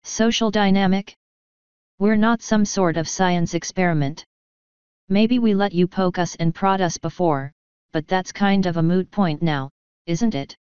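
A woman's voice: lowish voice, unhurried, a little mellow, smooth, no echo, lightly acted. A woman reading as an earnest stallion father. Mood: defiant. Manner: firm, earnest, defiant. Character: earnest middle-aged stallion father, steady leader. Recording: slightly dull, lo-fi.

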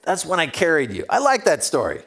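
A man's voice: a little high, wildly swooping pitch, fairly quick, fairly bright tone. A man preaching a sermon, telling stories with humor and acting out the voices of the people in them. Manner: humorous and self-deprecating. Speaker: pastor.

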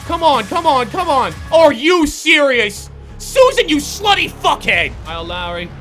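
A high-voiced young man commentating his own basketball video game match. His bright voice jumps wildly between low, tense self-talk and shrill, cursing yells. Soft background music plays under him. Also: sing-song, a little slow. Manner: swings from muttered self-coaching to shouted profane outbursts. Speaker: gaming YouTuber. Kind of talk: live gameplay commentary.

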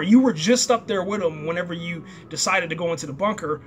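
A man with a fairly high voice recaps a TV episode in a loose, slangy way. He keeps jumping into the characters' lines and reacting to them. A faint noise sits under the recording. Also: fast talker, few pauses, fairly bright tone. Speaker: show reviewer.

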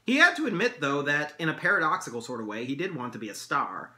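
Male teacher reading his novel aloud, steady storytelling, bright tone, echoey room. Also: fairly high pitch, fast. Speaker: English teacher.

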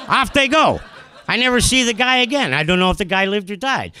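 This man's voice is bright and fairly high for a male, rising and falling as he tells a comic tale from his own life. He talks a little fast, full of energy, mocking himself and scattering asides and fillers throughout.

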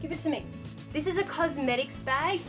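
A woman chatting excitedly as she unboxes parcels at home, gushing over each item and scolding her pet. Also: sits high, brisk, music in the background. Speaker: vlogger. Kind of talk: casual unboxing vlog.

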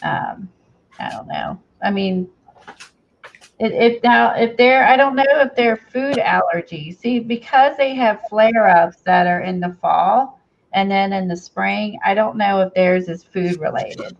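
A woman's voice: mid-range voice, measured pace, creaky, lo-fi sound. A woman hosting a craft video, chatting casually while she paints, rambling and restarting her thoughts, recorded on a camera mic from below. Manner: rambling, trails off, many restarts. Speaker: craft channel host.

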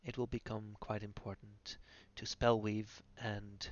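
A man's voice: on the low side, little pitch movement, a little slow. A man voicing over a video game class guide, explaining hesitantly with many fillers. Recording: dull lo-fi audio with faint music.

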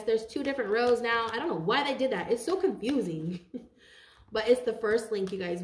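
A woman's voice: mid-range voice, echoey room. Chatty woman giving a tarot reading. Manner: chatty, animated, laughs often, says "like" and "you guys". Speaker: tarot reader. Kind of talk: casual tarot reading to camera.

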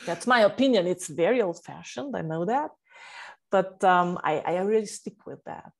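Austrian woman w german accent, writing coach on a podcast, lowish voice, pauses hunting for english words. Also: gravelly. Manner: thoughtful, searches for English words. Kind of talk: podcast interview.

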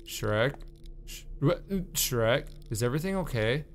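A young man talks through a horror game as he plays, nervous and jumpy. He swears and jokes to himself in a fairly high voice. Faint keyboard typing sits behind him. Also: moderate pace, a bit bright, slight background noise. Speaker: gaming YouTuber.

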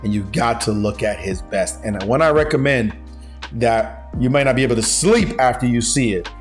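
A chess grandmaster giving an animated chess lesson, excitable and slangy, with frequent exclamations. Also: male voice, medium pitch, normal speed, soft background music.

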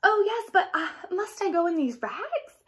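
A woman's voice: very high voice, animated, measured pace, fairly bright tone, voice pushed up, full character voice. A woman reading aloud and voicing Cinderella, a kind, hopeful young girl, in a lighter, eager voice. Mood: timid.

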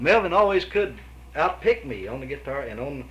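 A man's voice: mid-range voice, very animated, moderate pace, fairly bright tone, slight background noise, low-quality recording. A man with a Kentucky accent, answering interview questions at his home in a folksy, rambling storytelling way, with frequent restarts. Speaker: guitarist guest.

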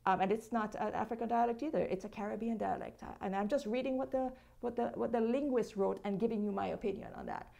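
A woman's voice: on the high side, fairly even intonation, fast, vocal fry, few pauses, dark tone. A woman with a Jamaican accent, a guest in a conversational interview, making her points emphatically. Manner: emphatic, argumentative.

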